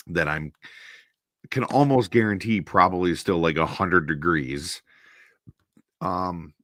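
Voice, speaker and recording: A man's voice: sits low, no echo, clean studio sound. A man from Minnesota telling a long, rambling anecdote on his stream, stopping to act out the people in it. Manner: rambling, animated anecdote with quoted voices. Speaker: host. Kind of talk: casual storytelling on a stream.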